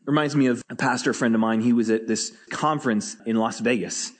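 A man preaching a sermon as pastor, telling stories with lively energy and often repeating words as he starts a phrase. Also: mid-range voice, brisk, long reverb tail.

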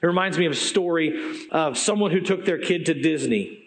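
A man preaching a sermon, telling stories in an animated, conversational way that swings between loud and hushed. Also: fairly high pitch, brisk. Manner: conversational, with asides to the audience.

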